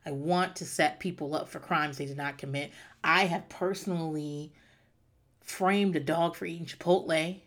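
A woman's voice: low voice, fairly even intonation, normal speed. A woman hosting her podcast, telling a self-mocking story in a rambling, profane, casual comedic monologue. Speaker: podcast host.

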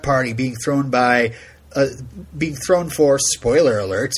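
A man's voice: medium pitch, measured pace, husky. A man co-hosting a podcast, chatting casually and telling rambling stories, laughing often and acting out quotes. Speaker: podcast co-host. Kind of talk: casual chat.

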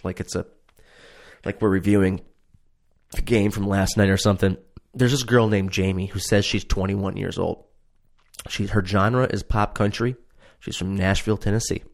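A man's voice: lowish voice, steady tone, moderate pace, creaky, pauses often. A man casually ranting about a reality show he watched, profane, sarcastic and exasperated. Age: adult. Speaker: show reviewer.

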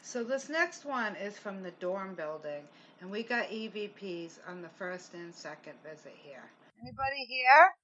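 A woman's voice: on the low side, expressive, a little slow, few pauses, fairly bright tone. A woman co-hosting a paranormal investigation show, chatting casually about recordings and asking her partner's opinion. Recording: muffled lo-fi recording with faint hiss.

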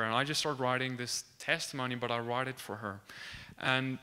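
A young man recounts a faith testimony in a very bright, crisp, clear voice. He tells it earnestly and acts out the dialogue, restarting his sentences as he goes. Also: mid-range voice, steady tone, normal speed. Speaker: student sharing a faith testimony. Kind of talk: animated testimony storytelling.

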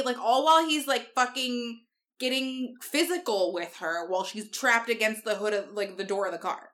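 A woman's voice: on the high side, normal speed, fairly bright tone. A young woman co-hosting a podcast, retelling a book plot in sarcastic, swear-heavy casual chat. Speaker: podcast co-host.

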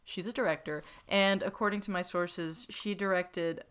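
A woman hosting a podcast in casual chat, jokey and quick to laugh. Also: lowish voice, steady tone, fairly bright tone, clean tone. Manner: chatty, jokey, laughs often. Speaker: podcast host.

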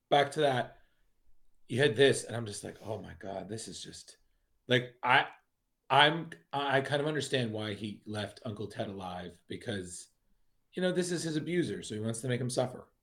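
A man's voice: medium pitch, animated, normal speed, fairly bright tone. A man co-hosting a casual podcast, rambling through a horror comic with lots of fillers and restarts, acting out lines as he goes. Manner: rambling, many restarts and fillers, acts out quotes. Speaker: podcast co-host. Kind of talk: casual comic book review chat.

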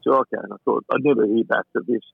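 An Australian man tells anecdotes in a relaxed, rambling way, tripping over his words and doubling them up. His voice is husky and comes through a narrow, tinny, phone-like channel. The sound is dry, with no room around it. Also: mid-range voice, very fast, dry recording. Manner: chatty, stumbling repetitions of words. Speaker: chef and restaurateur, interview guest. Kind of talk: casual anecdotal storytelling.

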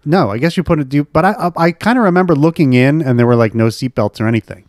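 A man's voice: on the high side, fast talker, a little mellow, no room sound, studio quality. Man rambling in casual podcast chat. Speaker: podcast co-host.

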